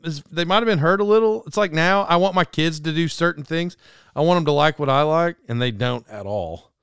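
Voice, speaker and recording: A man hosting a comedy podcast alone, rambling through an animated monologue, often stopping and restarting mid-sentence. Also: fairly high pitch, brisk, vocal fry, clean tone, no echo, clean studio sound. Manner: rambling, self-interrupting, animated. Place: alone in a room.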